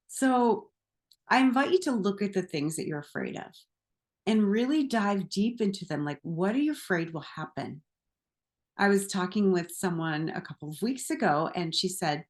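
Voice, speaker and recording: A woman's voice: mid-range voice, moderate pace. A woman who works as a therapist and coach, speaking straight to the viewer in a chatty motivational talk, laughing often and leaning on "like" as she goes. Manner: chatty, animated, laughs often, uses "like" a lot. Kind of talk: casual motivational talk to camera.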